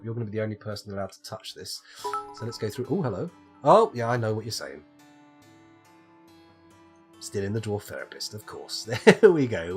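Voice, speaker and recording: A man from the UK streaming a game live, rambling and chatting with his viewers and joking at his own expense. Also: on the low side. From United Kingdom. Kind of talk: live gameplay commentary.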